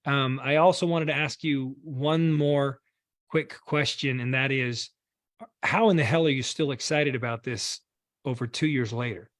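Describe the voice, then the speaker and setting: A man's voice: mid-range voice, measured pace, no room sound. Male host, casual video call chat; effusive, appreciative delivery, dry sound.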